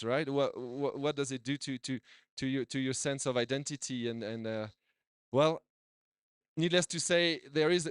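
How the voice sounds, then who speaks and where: Chatty doctor giving a conference talk. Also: male voice, mid-range voice, clean tone, no room sound. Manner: chatty, many restarts and repeated words. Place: conference hall.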